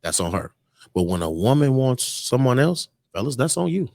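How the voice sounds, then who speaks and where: A man's voice: mid-range voice, big pitch swings, normal speed, vocal fry, a little mellow. A man co-hosting a podcast in a bar, giving blunt, preachy relationship advice full of slang in a casual chat. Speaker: podcast co-host. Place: bar on location.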